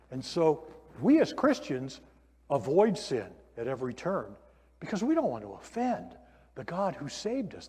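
A man preaching a sermon in a church, conversational and animated, asking the listeners questions. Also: on the high side, breathy edge. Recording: long hall reverb.

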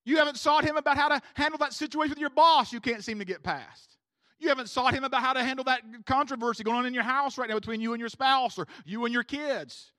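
A man's voice: extremely high pitch, fast talker, bright, forceful tone, no echo, studio quality. A man preaching a sermon to his congregation in a casual, slangy way, often asking them to agree with him. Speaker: pastor. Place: church room with a congregation.

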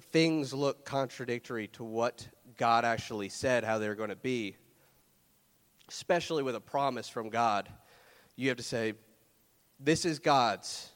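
A young man preaching a sermon in a loose, conversational way, earnest and close to tears as he shares a personal story. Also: mid-range voice. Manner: earnest, emotional, fighting tears; loose, conversational, many fillers and restarts. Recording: long hall reverb.

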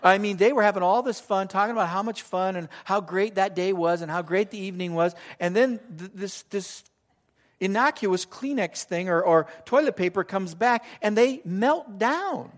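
An older man delivers a sermon in a fairly high voice, telling stories with animated swings between quiet asides and louder bursts. He preaches like a grandfather sharing lessons with his congregation. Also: normal speed. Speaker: pastor.

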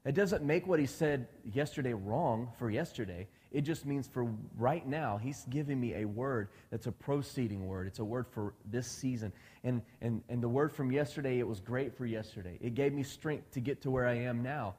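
A man's voice: mid-range voice, moderate pace, hardly any pauses, a little mellow, husky. Man preaching in a reverberant hall. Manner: conversational, asks the congregation questions, acts out quoted dialogue. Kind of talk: sermon. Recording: long reverb of a large hall.

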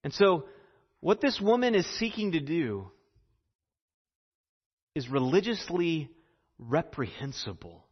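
High-voiced man preaching in a hall. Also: big pitch swings, husky, lo-fi sound. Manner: earnest preaching with repeated phrases and dramatic pauses. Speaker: pastor. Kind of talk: sermon.

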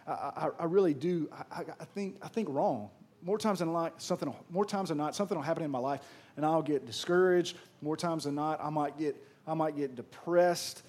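A man preaching a sermon as a pastor, often repeating phrases and restarting sentences, building to loud emphasis. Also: on the high side.

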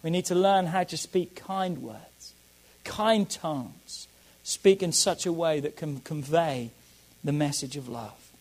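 A man preaching a sermon as a pastor, emphatic and repeating key phrases, swinging between loud declarations and soft asides. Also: a little high, takes it slowly, poor audio.

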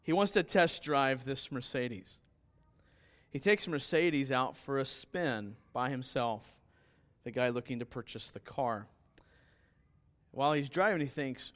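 A man preaching a sermon in a conversational way, telling stories and acting out their characters. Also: slow pace. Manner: conversational preaching with anecdotes and restarts; acts out story characters with sudden higher pitch. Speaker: pastor.

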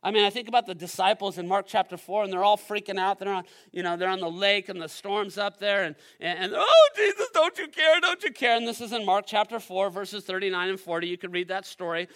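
A man preaching in a high, bright voice at a church service. He speaks straight to the congregation and moves between loud, driving stretches and quiet, hushed ones. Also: steady tone, fast talker, few pauses, clean tone. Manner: addresses the congregation directly. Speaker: pastor. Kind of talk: sermon.

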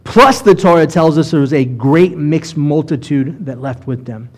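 A middle-aged man preaching a sermon as a rabbi, with animated delivery and sudden loud bursts of emphasis when voicing quoted lines. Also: on the high side, moderate pace.

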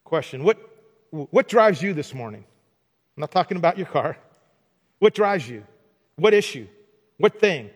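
A man preaching a sermon in a church, animated and acting out mock dialogues for laughs. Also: a little high, measured pace, long pauses, slightly rough. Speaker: pastor. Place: church sanctuary. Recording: long hall reverb.

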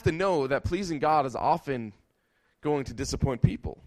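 A man's voice: a little high, moderate pace, darkish tone. A man preaching a sermon, emphatic, with rhetorical questions and repeated lines.

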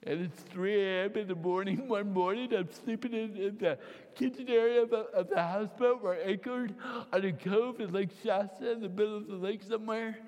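A man's voice: high-pitched, moderate pace, darkish tone. A man telling an emotional personal story, with dramatic retellings and acted-out quotes. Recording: long hall reverb.

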